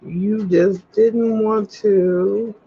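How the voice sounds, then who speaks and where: A livestream host with a husky, mid-range voice and fairly even intonation speaks very slowly while printing paperwork at home. She rambles candidly and repeats things for emphasis in a casual stream whose audio is slightly dull with a faint hum.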